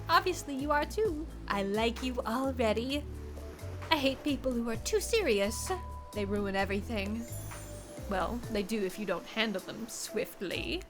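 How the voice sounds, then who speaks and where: A woman's voice: a little high, normal speed, over music, lightly acted. A woman voicing a cheerful, childlike huntress in a game, bubbly with a menacing edge. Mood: chipper. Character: cheerful, sinister huntress, a big kid.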